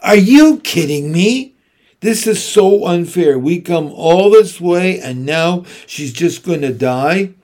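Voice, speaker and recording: A defiant teenage girl in an audiobook, as a male reader puts her on, blunt and quick to explode. Her voice jumps up high and loud when she protests, and her words come slowly. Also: big pitch swings. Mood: outraged. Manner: loud, outraged outbursts. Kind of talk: audiobook character reading.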